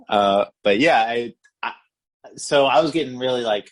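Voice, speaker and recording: In a slow, medium-pitched voice, a podcast co-host rambles through a relaxed movie review conversation. He keeps starting over and leans heavily on "like."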